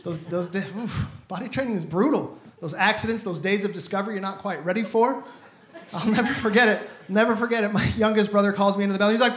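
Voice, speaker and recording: A man's voice: sits high, fast talker, noisy background. A man in his thirties performing an upbeat stand-up comedy set on stage. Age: 30s. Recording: echoey stage sound.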